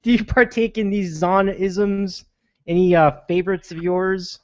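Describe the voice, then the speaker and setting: Man, podcast host, casual rambling chat, fairly high pitch, dry, lo-fi. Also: fairly even intonation, a little slow, a little mellow, no room sound. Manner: rambling, many restarts and fillers. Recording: dull lo-fi sound.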